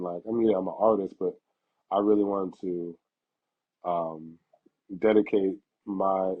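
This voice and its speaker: Husky-voiced man telling animated stories. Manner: animated, laughs through stories, acts out quotes in a higher voice. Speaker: podcast host. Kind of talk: casual storytelling chat. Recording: dull lo-fi sound.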